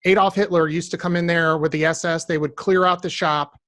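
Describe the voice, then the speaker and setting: A man hosts a business podcast interview in a slightly higher voice than most men. He talks directly to his listeners and drifts into long personal stories. The recording is dry and close, with no room sound. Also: a little fast, no room sound. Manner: animated storytelling, addresses listeners directly. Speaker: podcast host. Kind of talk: conversational interview.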